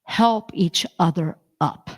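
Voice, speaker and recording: A woman's voice: fairly low pitch, takes it slowly. A woman minister preaching a sermon, telling stories animatedly and acting out the voices of the people in them. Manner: animated storytelling, acts out voices. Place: church sanctuary.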